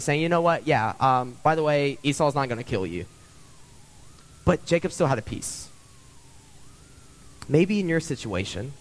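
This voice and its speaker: A young man preaching a sermon as pastor, earnest and conversational, repeating phrases for emphasis. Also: on the high side.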